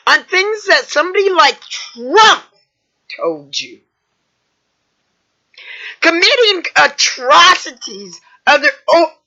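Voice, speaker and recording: A woman vlogger delivering an angry, indignant rant full of swearing, shouting at times. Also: very high voice. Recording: dull lo-fi recording.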